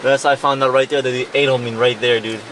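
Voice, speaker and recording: A man's voice: medium pitch, level tone, fast, a bit bright, a little hiss or hum. A young man hosting a podcast from inside a car in the rain, telling a long, rambling, profane story in a casual chat. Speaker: podcast host.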